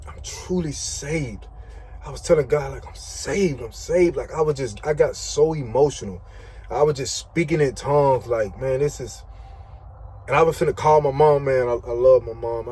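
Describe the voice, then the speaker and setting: A man's voice: medium pitch, mellow, husky, rough recording. A man who drives trucks, giving an earnest, emphatic faith testimony vlog from his parked truck cab at night, repeating phrases and leaning on words.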